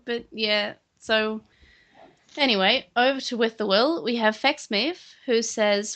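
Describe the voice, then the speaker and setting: A woman's voice: fairly high pitch, slow pace, fairly bright tone. A woman co-hosting a podcast in casual chat, playful and chatty, rambling with frequent restarts. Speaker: podcast co-host.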